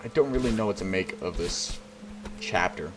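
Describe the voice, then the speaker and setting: A man's voice: low-pitched, lively intonation, moderate pace, music in the background. A man commenting casually on a game as he plays, with blunt, profane reactions. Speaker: game streamer. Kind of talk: let's play commentary.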